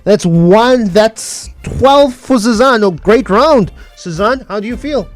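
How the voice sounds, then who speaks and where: A man co-hosts a live radio quiz, his voice noticeably high. He explains the rules and scores slowly and deliberately. Faint music sits under him. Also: animated. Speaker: co-host and scorekeeper. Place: radio studio.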